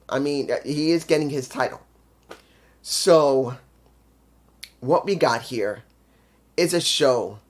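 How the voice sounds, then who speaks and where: A man giving a casual spoken review of a wrestling show, ranting with frustration and heavy swearing. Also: fairly high pitch.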